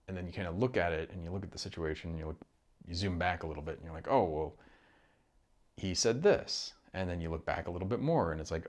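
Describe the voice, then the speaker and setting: Man, low voice, rambling solo monologue with restarts and profanity. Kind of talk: casual monologue. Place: home room.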